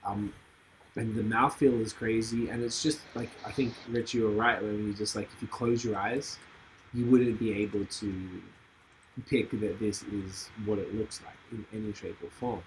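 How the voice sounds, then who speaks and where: A man's voice: on the low side, level tone, normal speed, a little hiss or hum, poor audio. A man hosting a podcast, thinking aloud in rambling, enthusiastic casual chat. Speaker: podcast host.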